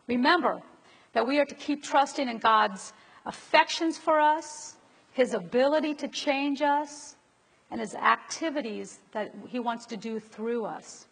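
A woman's voice: high voice, measured pace, slightly rough. A woman preacher giving a conversational sermon and asking her listeners rhetorical questions. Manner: asks the audience rhetorical questions. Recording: long reverb of a large hall.

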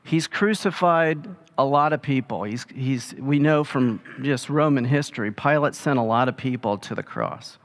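A man preaching a sermon in a relaxed, conversational way, retelling scripture in everyday speech. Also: a little high. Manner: casual storytelling, paraphrasing scripture in everyday speech. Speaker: pastor.

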